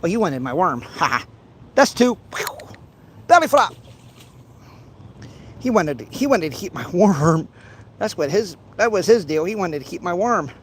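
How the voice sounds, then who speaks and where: A man's voice: sits high, animated, normal speed, a little hiss or hum. A man casually chatting to his livestream viewers while fishing outdoors, rambling with many restarts and playful teasing. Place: outdoors by a pond.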